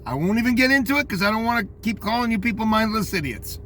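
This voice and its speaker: Rambling, scornful older man, high voice. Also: expressive, quick pace, bright, forceful tone, slight background noise. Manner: rambling, scornful, talks straight to listeners. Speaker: commentator reading news headlines. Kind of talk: opinionated headline commentary.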